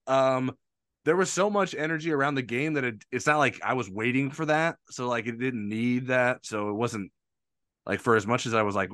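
A man hosting a sports talk show, chatty and hesitant, quick to laugh at himself. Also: medium pitch, expressive, a bit bright, no echo, studio quality. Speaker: podcast host.

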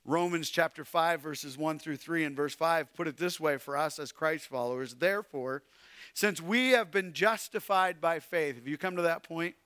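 High, bright-voiced preacher man. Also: no echo, studio quality. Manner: preaching with swings from loud to hushed. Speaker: pastor. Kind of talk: sermon.

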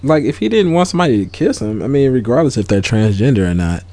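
A man's voice: mid-range voice, big pitch swings, quick pace, mellow, no echo. Podcast co-host, male, mid-range voice, earnest explainer, dry close sound. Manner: earnest, explaining patiently, many restarts. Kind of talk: casual chat.

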